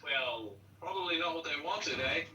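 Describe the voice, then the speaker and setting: A man's voice: a little high, animated, moderate pace, sharp tone, recorded from a distance, highs cut off. A man hosting a stream, mocking and provoking guests in crude banter. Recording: echoey remote audio with noise.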